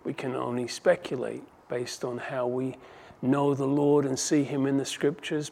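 Gravelly-voiced man preaching a sermon. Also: medium pitch. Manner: shifts from emphatic to hushed, reads scripture aloud. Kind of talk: expository sermon.

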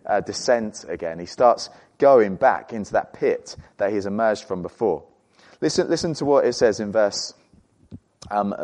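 A man preaching a sermon, earnest and animated, often repeating words as he goes. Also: fairly low pitch.

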